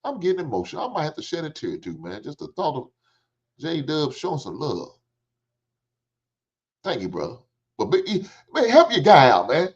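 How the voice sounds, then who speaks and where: A man's voice: on the high side, wildly swooping pitch, normal speed, long pauses, breathy edge. A middle-aged man, hosting a livestream in casual, joking storytelling chat and swearing freely. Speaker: livestream host. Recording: dull lo-fi stream audio.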